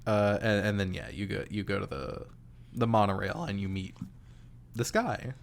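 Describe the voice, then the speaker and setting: A man co-hosting a podcast, talking casually and laid-back about a video game, sometimes slipping into high voices to quote characters. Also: steady tone, moderate pace, vocal fry. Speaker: podcast co-host.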